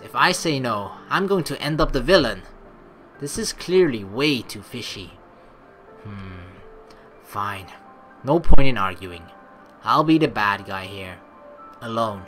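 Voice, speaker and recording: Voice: mid-range voice, bright, forceful tone, pitched below the performer's own voice. A performer reading a visual novel aloud, voicing a stern, suspicious young woman traveler in a dry, skeptical, blunt manner.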